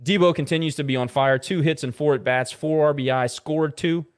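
A man's voice: on the high side, fairly even intonation, a little fast, clean tone. A man co-hosting a sports podcast, casually running through baseball box scores with lots of "uh" fillers. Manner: rattles off baseball stats with filler "uh"s. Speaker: podcast co-host.

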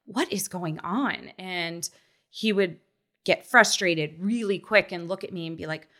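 A woman in her thirties telling a personal story in casual chat, acting out quotes with lively shifts. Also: lowish voice, measured pace. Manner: animated storyteller who acts out quotes. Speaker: guest, mother.

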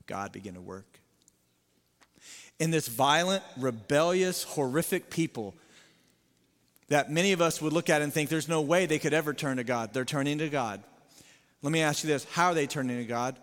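A male pastor preaching a sermon, emphatic, swinging from loud rising appeals to low sober warnings. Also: moderate pace, pauses often, in a large hall.

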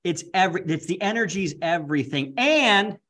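A man who coaches public speaking, a podcast guest in casual chat, excited, ramped up and profane. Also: high voice, moderate pace.

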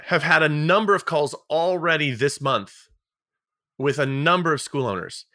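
A man's voice: fairly high pitch, normal speed, sharp tone, dry recording, studio quality. A man co-hosting a podcast, talking in an emphatic, motivational way and repeating his key points, with a slightly sarcastic edge. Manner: a little sarcastic. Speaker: podcast co-host. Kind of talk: casual podcast chat.

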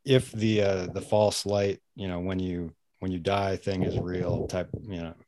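Slow, hesitant low-voiced man. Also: level tone, darkish tone. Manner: hesitant, halting, many fillers and sighs. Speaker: podcast guest. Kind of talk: casual conversational interview.

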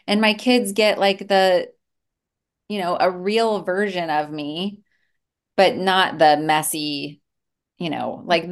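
Middle-aged woman guest, low gravelly voice, candid and reflective. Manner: candid and reflective, with many restarts. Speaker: guest, therapist and mother. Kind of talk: casual conversational interview.

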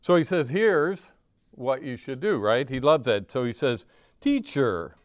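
An older man preaching a sermon, lively and conversational, often asking his listeners "right?" and briefly acting out voices he quotes. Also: medium pitch, measured pace, no echo, studio quality. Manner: animated, asks the audience "right?" often, acts out quoted voices. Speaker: pastor.

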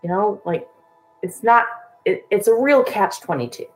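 A woman playing a tabletop game in character, talking in a halting, hesitant way. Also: mid-range voice, animated, faint music behind, rough recording. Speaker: player.

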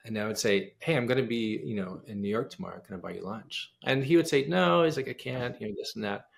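Man with a gravelly voice telling a lively story. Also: lowish voice, fast. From United States. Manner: animated storyteller acting out quoted dialogue. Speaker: pianist and composer, guest. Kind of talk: casual interview storytelling.

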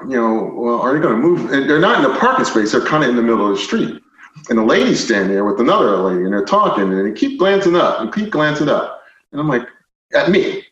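A man telling a personal story as a podcast guest, animated, moving from quiet stretches to loud indignant retellings. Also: mid-range voice. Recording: roomy, slightly dull podcast audio.

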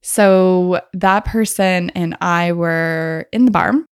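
A woman's voice: fairly low pitch, slow pace, smooth, no room sound, studio quality. A woman hosting a podcast, telling stories in a chatty, casual way and laughing often. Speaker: podcast host. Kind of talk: casual storytelling.

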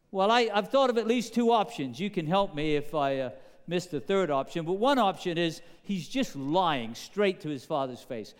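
A man preaching a sermon, posing questions to the congregation in an animated, emphatic way. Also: high voice, clear, resonant tone, long reverb tail. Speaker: pastor.

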